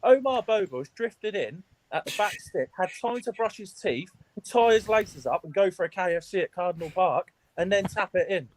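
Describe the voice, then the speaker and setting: A man's voice: high-pitched, lively intonation, moderate pace, few pauses. A man calling into a fan show, furious and blunt, swearing and mocking the team. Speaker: guest fan. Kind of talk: heated football fan rant.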